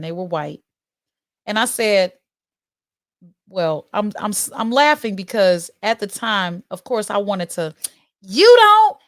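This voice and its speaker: A woman's voice: medium pitch, no echo, clean studio sound. A woman in her forties hosting her live-stream talk show, telling stories candidly and acting out voices as she goes. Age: 40s. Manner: animated, candid storyteller who acts out voices.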